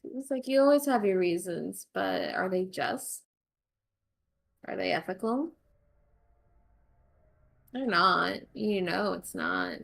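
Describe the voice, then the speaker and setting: A woman narrating as game master in a tabletop game, telling dream scenes in a slow, hushed way. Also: medium pitch, big pitch swings, creaky.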